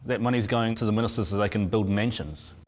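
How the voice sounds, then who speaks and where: A man playing a reporter who presses with quick questions in a comedy sketch. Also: fairly low pitch, darkish tone, long reverb tail.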